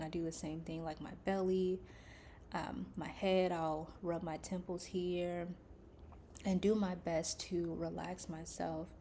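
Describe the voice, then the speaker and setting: A woman talks slowly and gently, as if soothing a friend, her voice sitting a little low. Now and then she drops into soft breathy asides. A faint hum of room noise sits behind her. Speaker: faith and wellness vlogger. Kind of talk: calm reflective talk to camera.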